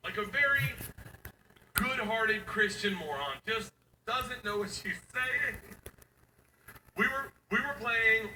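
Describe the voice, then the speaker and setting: A middle-aged man doing stand-up, acting out his daughters' voices as he tells the story. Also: high-pitched. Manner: animated, acts out his daughters in quoted voices. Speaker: stand-up comedian. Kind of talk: stand-up set before a live audience. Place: comedy venue. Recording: echoey venue, distant mic, audience noise.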